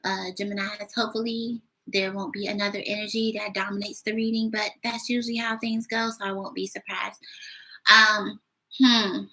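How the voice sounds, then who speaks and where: Bright-voiced woman doing a chatty tarot reading. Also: mid-range voice, little pitch movement, moderate pace, rough recording. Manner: chatty, many fillers and little laughs. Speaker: tarot reader. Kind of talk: casual tarot reading to camera.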